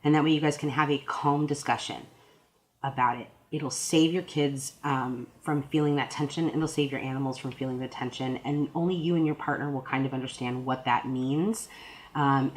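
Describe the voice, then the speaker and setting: A woman's voice: a bass voice, steady tone, a little fast. A woman in her thirties giving casual advice in a rambling, self-deprecating, goofy way. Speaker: vlogger.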